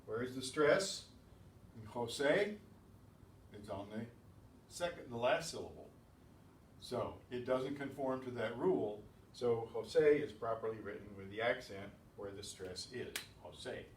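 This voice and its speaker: A man's voice: medium pitch, animated, unhurried. Man teaching a class from a distance. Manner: patient, explanatory, asks and answers own questions. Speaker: Spanish teacher. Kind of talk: classroom lesson. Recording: echoey room, distant mic, faint noise.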